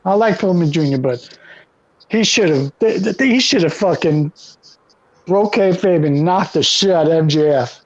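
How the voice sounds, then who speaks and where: Playful high-voiced man, lo-fi audio. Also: a little slow. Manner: playful, teasing, laughs often. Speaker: podcast co-host. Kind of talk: casual wrestling chat. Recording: dull lo-fi audio.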